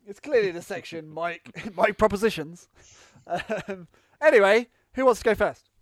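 High, lively man hosting a podcast. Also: normal speed, no echo. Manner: animated, announcer-like, laughs often. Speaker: podcast host. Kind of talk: casual podcast banter.

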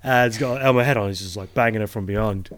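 A man's voice: fairly low pitch, racing, noisy background. A man co-hosting a podcast, telling exaggerated comic stories and making wry remarks in casual chat. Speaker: podcast co-host.

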